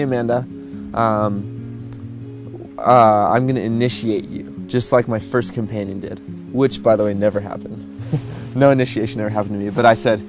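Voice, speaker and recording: A young man in his twenties tells how he met and proposed to his fiancée, easygoing and chuckling, with many fillers. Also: on the low side. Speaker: groom-to-be telling his love story. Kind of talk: casual interview storytelling. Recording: soft music underneath.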